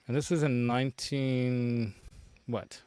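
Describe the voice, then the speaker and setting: A man's voice: medium pitch, steady tone, slow, a little mellow, clean tone, no room sound. A middle-aged man hosting a casual livestream from his home studio, rambling with a lot of fillers and chuckles. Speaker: show host.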